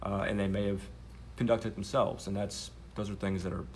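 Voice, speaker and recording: A man's voice: fairly low pitch, little pitch movement, brisk, slight background noise. A man telling a story to camera in a sardonic, rambling way, with many fillers.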